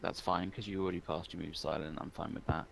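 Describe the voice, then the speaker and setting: Deep gravelly game master. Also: male voice, steady tone, quick pace, crowd noise, low-quality recording. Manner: descriptive, hesitant with ums. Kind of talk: narrating a tabletop game.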